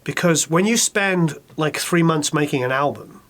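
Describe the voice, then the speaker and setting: A middle-aged man with an English accent, chatting as an interview guest and telling animated stories with quick asides. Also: fairly high pitch. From England. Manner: animated storyteller, quick asides, acts out quotes. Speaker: record producer, interview guest. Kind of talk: casual interview chat.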